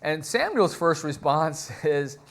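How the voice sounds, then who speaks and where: Male preacher, casual storytelling sermon, voice a touch high. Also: very animated, slow pace, slight background noise. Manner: conversational storytelling, acts out quotes.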